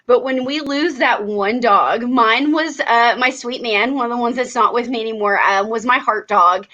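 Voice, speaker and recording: Earnest dog-trainer woman, fairly high voice. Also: normal speed, bright, forceful tone, highs cut off. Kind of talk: casual chat.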